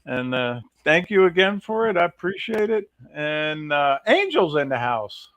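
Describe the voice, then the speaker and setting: A man's voice: a little high, sing-song, measured pace, a bit bright. A man co-hosting a livestream, greeting viewers one after another in an upbeat way. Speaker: co-host. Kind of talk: casual livestream chat.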